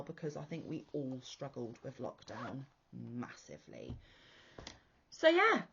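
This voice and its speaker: A woman's voice: a bass voice, wildly swooping pitch, moderate pace, gravelly, a bit bright, highs cut off, slight background noise. A British woman hosting a crochet podcast, talking in a chatty, enthusiastic, rambling way. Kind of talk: casual chat.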